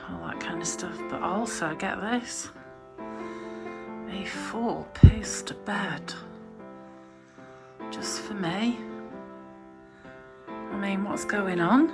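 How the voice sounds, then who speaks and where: A middle-aged woman with a Yorkshire accent, a touring folk musician chatting through a video diary, often dropping into hushed near-whispered asides. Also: on the low side, poor audio. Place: van and hotel rooms on tour. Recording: clear music playing behind.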